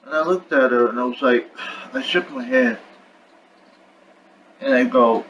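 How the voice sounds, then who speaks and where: A man's voice: mid-range voice, unhurried, pauses often, fairly bright tone, a little hiss or hum, rough recording. A young man venting about his health in a frustrated, rambling way, talking casually to camera at home. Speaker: vlogger. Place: at home with his dog on his lap.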